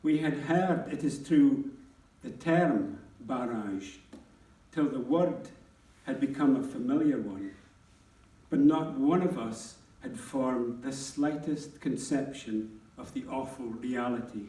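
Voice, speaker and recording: A man reading a wartime memoir aloud at a book launch in a slow, measured and grave way. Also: medium pitch, warm tone. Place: town hall. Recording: roomy hall, distant mic.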